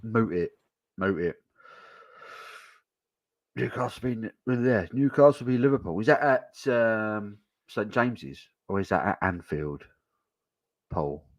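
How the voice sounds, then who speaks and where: A man's voice: on the low side, a little slow. A man casually hosting a pub-style live stream, chatting easily and reading out viewer comments. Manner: easygoing, chatty, banters with viewers. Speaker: stand-in live stream host.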